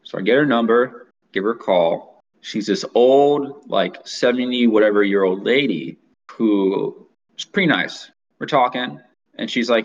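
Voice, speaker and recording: Young male co-host, low voice, rambling storyteller, dull lo-fi sound. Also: a little slow. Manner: rambling anecdote teller, restarts often. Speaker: podcast co-host. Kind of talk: casual storytelling.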